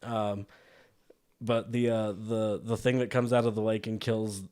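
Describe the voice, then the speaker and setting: A man's voice: on the low side, level tone, measured pace, a little mellow, smooth. A man co-hosting a casual movie podcast, laid-back, swearing freely and quoting scenes. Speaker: podcast co-host.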